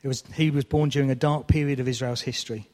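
A man's voice: medium pitch, steady tone, fast talker, a little mellow, long reverb tail. A man preaching a sermon, telling a story with mock exasperation.

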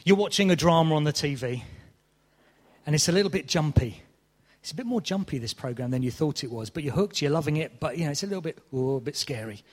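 A man's voice: on the high side, fast, darkish tone, long reverb tail. A man preaching a sermon, telling a story with mock exasperation.

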